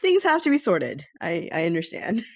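A woman's voice: on the low side, huge pitch swings, moderate pace. A woman co-hosting a podcast in casual chat, easygoing and laughing often. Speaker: podcast co-host.

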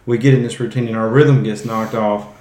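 A man's voice: on the low side, steady tone, fairly quick, a little mellow, reverberant. A man hosting a casual Bible teaching podcast, talking conversationally and often restarting his phrases. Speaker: podcast host.

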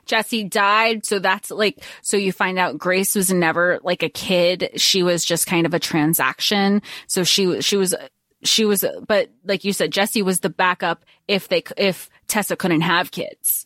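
A woman co-hosting a podcast, discussing a book in casual talk with halting restarts. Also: on the low side, steady tone, fairly bright tone, no echo. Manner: conversational, halting restarts, laughs along. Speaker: podcast co-host.

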